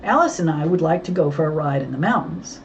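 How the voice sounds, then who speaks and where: A woman reading the part of a calm, capable young woman detective who reasons things through. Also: sits low, quick pace, lo-fi sound, slight background noise.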